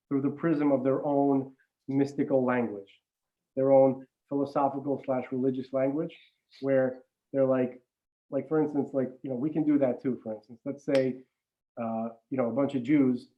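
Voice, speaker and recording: A man's voice: mid-range voice, fairly even intonation, moderate pace, narrow, tinny audio. A man chatting casually as a regular podcast guest, rambling with many restarts and some swearing. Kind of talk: casual chat.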